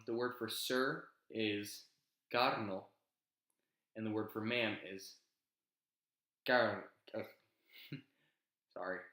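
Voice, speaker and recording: A young man casually teaching his invented language, relaxed and rambling, with many ums and self-corrections. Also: fairly low pitch, echoey room. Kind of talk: casual explanatory lesson.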